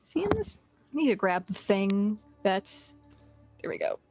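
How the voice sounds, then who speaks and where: A woman's voice: medium pitch, big pitch swings, moderate pace, music in the background. A woman playing a tabletop game, playful and giggly as she reacts to the action. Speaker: player. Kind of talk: casual tabletop play.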